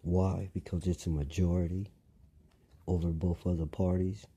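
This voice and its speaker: A man's voice: low-pitched, flat delivery, moderate pace, warm tone, slightly rough. A man delivering a rambling monologue, lecturing listeners, repeating phrases and asking them pointed questions.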